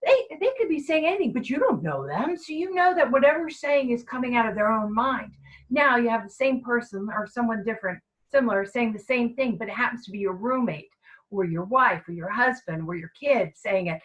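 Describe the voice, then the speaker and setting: A woman giving an energetic, emphatic, conversational mindfulness talk to a group of staff. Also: on the high side, normal speed, low-quality recording. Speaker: mindfulness trainer.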